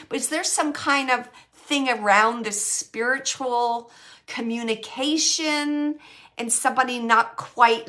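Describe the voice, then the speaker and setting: A woman's voice: fairly high pitch, bright, forceful tone. A woman working as a psychic medium, chatting to an online audience, laughing often and relaying messages she says she hears.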